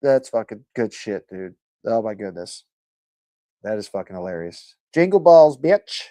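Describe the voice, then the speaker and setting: A man's voice: lowish voice, very animated, unhurried, dark tone, no room sound. A man hosting a livestream, chatting casually and reading viewer comments, rambling, joking and swearing a lot. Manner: laid-back and rambling. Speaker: livestream host.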